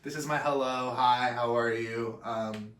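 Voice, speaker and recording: A man's voice: medium pitch, unhurried, echoey room. A man in his twenties giving a rambling, profane vlog intro full of tangents. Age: 20s. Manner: tangent-prone, profane, animated. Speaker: vlogger.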